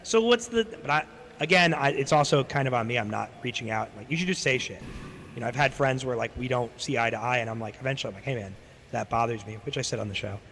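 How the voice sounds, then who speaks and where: A man's voice: medium pitch, fast talker, a bit bright. A young man chatting casually on his stream, rambling through a story, swearing freely and acting out what other people said. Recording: long reverb, faint background noise.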